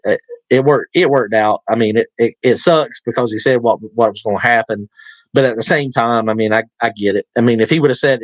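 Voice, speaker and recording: A man's voice: fairly low pitch, dry recording, rough recording. A man with a Southern US accent hosting a casual live stream, rambling through fillers and restarts while answering viewer comments. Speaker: livestream host. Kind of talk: casual livestream chat.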